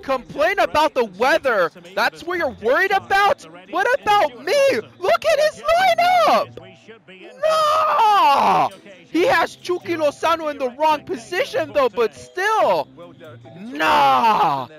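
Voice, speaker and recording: Excitable shrieking game commentator. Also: sits high, measured pace. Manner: excitable, yelps and shrieks at near misses; mixes Spanish exclamations into English. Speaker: gamer. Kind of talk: let's play commentary. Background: faint background music.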